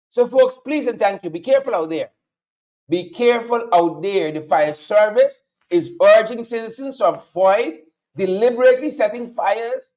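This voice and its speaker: Guyanese guy ranting on his show, real high voice that jumps all over, sarcastic and mocking. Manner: sarcastic, mocking, repeats lines for emphasis. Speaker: show host. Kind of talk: political commentary monologue.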